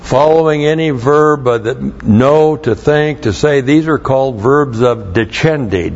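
Male Bible teacher, unhurried and emphatic, repeats key phrases, spells out Greek words, muffled lo-fi tape. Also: mid-range voice, a little hiss or hum. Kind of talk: expository Bible teaching with Greek word study.

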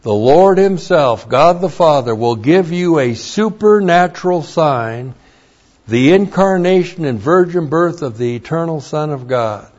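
Male Bible teacher, slow and deliberate, mid-pitched, muffled lo-fi recording. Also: lively intonation, a little mellow. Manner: slow, deliberate, spells out Hebrew words letter by letter. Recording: dull lo-fi recording.

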